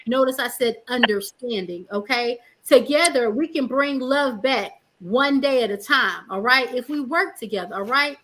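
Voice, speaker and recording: Brash, bright-voiced woman stream host. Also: sits high, rough recording. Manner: blunt, profane, sassy. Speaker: livestream host. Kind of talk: reading live comments aloud on a stream.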